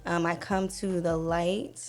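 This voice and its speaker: A young woman telling a personal story on a podcast in a casual way, acting out the people in it with lively quoted lines. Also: on the low side, a little slow. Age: young adult. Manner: animated retelling, acts out voices, fillers. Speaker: podcast guest.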